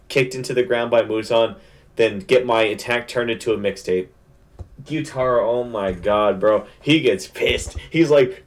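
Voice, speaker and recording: Excited, slangy young man. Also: mid-range voice. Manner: excited, slangy, full of fillers. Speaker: anime reviewer. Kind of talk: casual spoiler recap.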